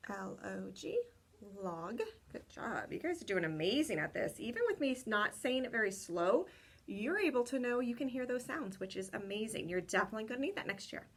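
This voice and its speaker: A young woman teaching kindergarten children remotely, talking slowly and clearly, repeating words and cheering them on. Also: medium pitch, expressive. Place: home room with a window.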